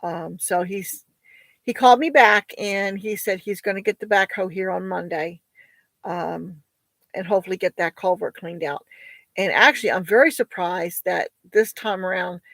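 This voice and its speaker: Tired woman with a gravelly voice. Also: lowish voice, normal speed, a bit bright, dry recording, rough recording. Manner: rambling and hesitant, full of fillers and restarts. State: tired, sighing. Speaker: homesteader raising goats. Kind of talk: casual vlog chat.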